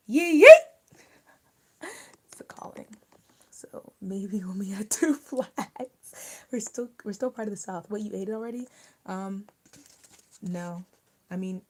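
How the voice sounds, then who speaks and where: A young woman from Maryland hosts a casual live stream while she eats. She chats loosely and answers viewer comments out loud, in a voice that sits at an ordinary middle pitch. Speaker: livestream host.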